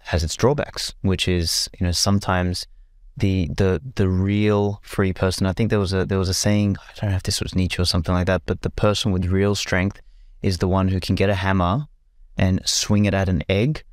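A man's voice: low-pitched, little pitch movement, normal speed, dry recording, studio quality. A man talking as a podcast guest in a loose, rambling way, with many restarts and casual swearing.

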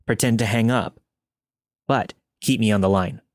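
A man voicing a calm female emergency dispatcher giving steady instructions. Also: fairly low pitch, normal speed, dry recording, studio quality, lightly acted.

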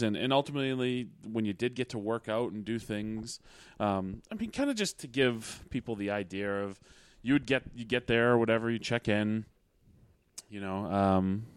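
A man's voice: mid-range voice, clean tone, dry recording. A man talking casually about his wrestling days, rambling with many fillers and restarts. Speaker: podcast host, wrestler. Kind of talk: casual chat.

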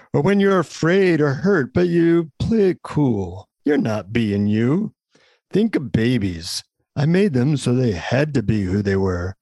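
A man's voice: medium pitch, dark tone, no echo. A man playing God in a read comedy skit, blunt and teasing as he lectures over a video call. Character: God, blunt all-knowing male deity.

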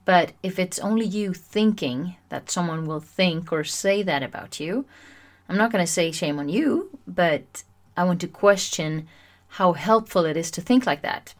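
A woman's voice: on the low side, lively intonation, a little slow. Chatty, self-mocking woman podcast host. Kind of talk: solo self-help podcast monologue.

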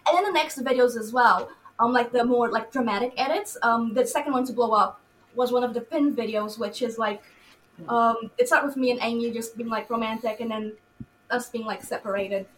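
A woman actress chatting in an interview, excitable and laughing as she retells stories and acts out quotes. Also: fairly high pitch, fairly quick, a little hiss or hum, low-quality recording. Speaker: actress in the film. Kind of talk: casual interview chat.

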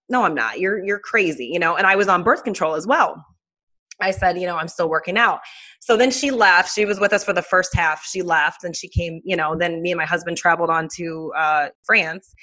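A woman in her thirties, a guest telling a personal story in a casual, animated way with many fillers. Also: on the low side.

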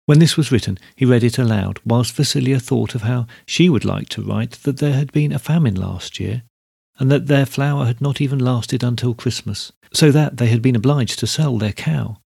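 A man reads a story aloud at a steady, measured pace. His voice is gravelly and a little husky. The recording is dry and close. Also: medium pitch, no room sound. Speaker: narrator. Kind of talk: storybook reading.

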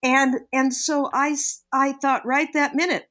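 Older woman, podcast co-host, earnest reflective storytelling, animated quotes. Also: sits high, measured pace, hardly any pauses. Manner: earnest, reflective, animated when quoting others. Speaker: podcast co-host, parenting guest. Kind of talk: casual podcast chat, storytelling.

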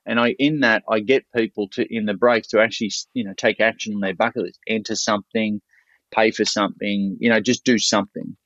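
Telling casual stories at a seminar, this Australian man swears often and keeps restarting, his energetic voice on the low side and a little fast. The lo-fi recording sounds dull and carries no room sound.

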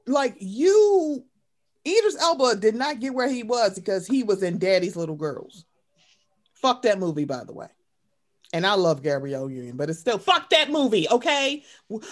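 A woman co-hosting a casual chat, ranting emphatically and profanely, acting out quoted voices. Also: a little high. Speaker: podcast co-host.

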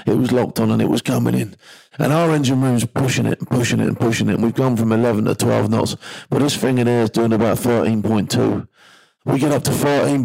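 Gravelly middle-aged man telling war stories. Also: medium pitch, darkish tone, poor audio. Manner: blunt, vivid storyteller who builds tension and swears casually. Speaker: former maritime security guard. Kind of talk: first-person storytelling.

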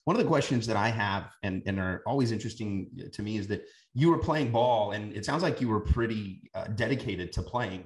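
A man's voice: fairly low pitch, animated, brisk, hardly any pauses. A man hosting a casual interview, asking rambling questions with restarts. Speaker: podcast host. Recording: roomy echo.

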